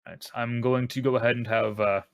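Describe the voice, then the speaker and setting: A man's voice: mid-range voice, fairly even intonation, brisk, creaky, smooth, no echo. Playful man in tabletop roleplay. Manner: playful, teasing. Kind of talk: in-character roleplay chat.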